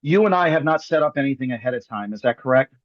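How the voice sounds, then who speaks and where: A man's voice: mid-range voice, lively intonation, fast, no echo, lo-fi sound. A man hosting a live magic show, performing a card trick over a video call with jokey, theatrical patter. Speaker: magician host.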